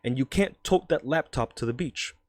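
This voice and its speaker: A man's voice: medium pitch, expressive, normal speed, no echo, lightly acted. A man putting on a New York accent to voice a skeptical, dismissive male magazine columnist, reading with emphatic scorn. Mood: scoffing. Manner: emphatic, dismissive, loud read-aloud. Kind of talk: dramatic reading in a put-on voice.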